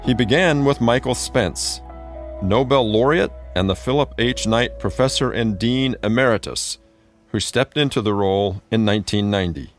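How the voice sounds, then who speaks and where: A man giving scripted podcast narration in a measured, even delivery. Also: medium pitch, soft background music.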